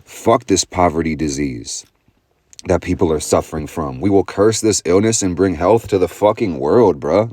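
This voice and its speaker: Deep low voice, dry close sound, young man, swears nonstop, slangy and intense. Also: mellow, dry recording. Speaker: astrology vlogger. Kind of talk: profane motivational monologue.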